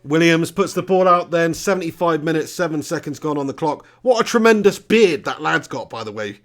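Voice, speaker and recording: A man hosting a live football watch-along, commentating as a fan, excitable and swearing, often laughing at his own jokes. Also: a little high, a little fast.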